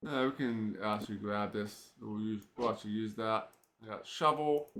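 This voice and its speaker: A man's voice: on the low side, normal speed, slight background noise. A man streaming an old computer role-playing game, thinking aloud casually with lots of filler words. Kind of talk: let's play commentary.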